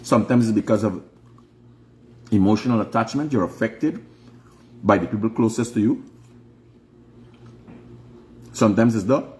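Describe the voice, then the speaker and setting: A man's voice: lowish voice, normal speed, pauses often, darkish tone. A middle-aged Guyanese man hosting a casual livestream, lecturing emphatically and firing off rhetorical questions. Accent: Guyanese Creole English. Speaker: online show host. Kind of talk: preachy casual livestream monologue.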